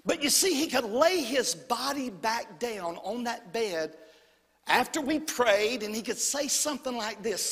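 Male pastor, high lively voice, husky, loud to whispered delivery, church hall echo. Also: normal speed. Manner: emotive preaching, swings from loud to hushed whisper. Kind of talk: sermon. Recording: long hall reverb.

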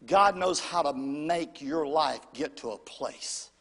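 Preacher man, high husky voice, goes from yelling to whispering, asking the room for amens, big hall echo. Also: expressive, slow. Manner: dramatic swings from shouting to whispering, calls to the congregation. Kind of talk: storytelling sermon.

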